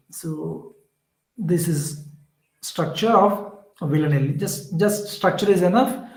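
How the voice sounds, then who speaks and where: A male teacher with a fairly high voice gives an online exam-prep lecture, repeating key terms and correcting himself as he works through each point. The room has a noticeable echo. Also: slow pace, darkish tone. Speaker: English literature teacher.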